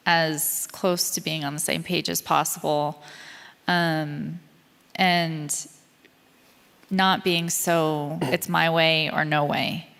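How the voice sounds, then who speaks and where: A woman speaks slowly and earnestly, her voice smooth and a little low. She leans on small fillers as she gathers her thoughts. A long reverb trails after her words, as if she is speaking in a large hall. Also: a bit bright. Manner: earnest and unhurried, with frequent fillers. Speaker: marriage and parenting speaker. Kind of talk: casual talk answering audience questions.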